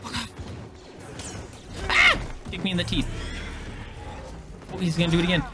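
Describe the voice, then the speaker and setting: A man streaming a video game, chatting casually and joking at the screen, often swearing when he gets excited. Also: high-pitched, fast, loud music behind the voice. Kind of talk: casual gameplay commentary.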